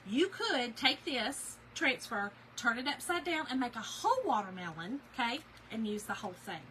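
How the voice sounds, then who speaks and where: Lady chatting while she crafts, laughs a lot, brightish higher voice. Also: lively intonation, moderate pace, a little hiss or hum, poor audio. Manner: chatty, laughing, addresses viewers as y'all. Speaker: craft video host. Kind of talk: casual storytelling while crafting.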